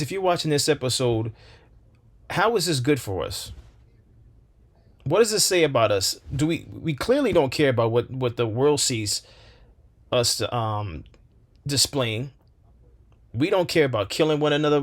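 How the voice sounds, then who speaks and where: Male commentary host of middling pitch, talking with fervor and hammering his points with repeated lines. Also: big pitch swings, moderate pace, long pauses. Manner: impassioned, rhetorical questions, repeats phrases for emphasis. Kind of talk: opinion commentary monologue.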